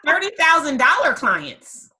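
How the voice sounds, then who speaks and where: Bright-voiced woman podcast host. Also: high voice, very animated, measured pace, low-quality recording. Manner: emphatic, repeats words for effect. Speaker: podcast host and business coach. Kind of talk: conversational storytelling.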